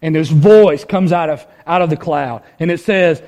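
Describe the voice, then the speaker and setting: Pastor, male, fairly high voice, preaches conversationally with lots of rhetorical questions. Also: moderate pace, few pauses, darkish tone. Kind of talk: sermon.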